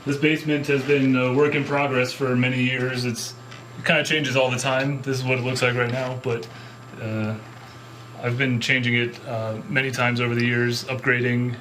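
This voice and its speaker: Bassist and sound engineer, male, mid pitch, relaxed tour-guide delivery, noisy room sound. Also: moderate pace. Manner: easygoing, explanatory. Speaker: bass player and sound engineer. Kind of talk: casual home studio tour.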